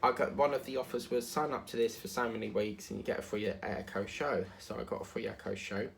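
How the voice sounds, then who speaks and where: A man's voice: fairly low pitch, steady tone, fast, gravelly, slight background noise. A man with an Essex accent tinged with South African, chatting casually and rambling while he works on a craft. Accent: Essex with some South African. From England. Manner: meandering, chatty, many fillers and asides. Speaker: diamond painting vlogger.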